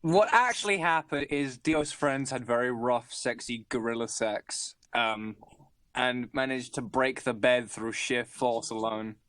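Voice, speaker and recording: A man joins a casual podcast chat and throws in crude, profane jokes. His voice sits at an ordinary male pitch. The recording is dry, with no room around it. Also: a little slow, a bit bright, no room sound. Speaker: mod developer and podcast co-host.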